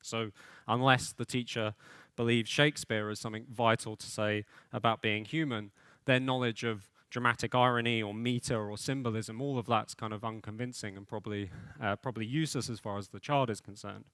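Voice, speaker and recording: A man's voice: lowish voice, fairly even intonation, brisk, fairly bright tone, clear, resonant tone, dry recording. A man giving a keynote lecture at a conference, speaking thoughtfully and often hedging with small fillers as he works through his points.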